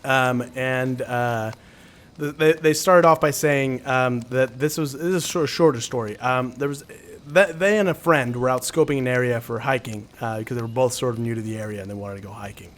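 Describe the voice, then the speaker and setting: A man's voice: mid-range voice, normal speed. A young man hosting a podcast, chatting loosely with lots of swearing and ums, then reading out listener stories. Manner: loose and profane, trails off with ums. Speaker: podcast host.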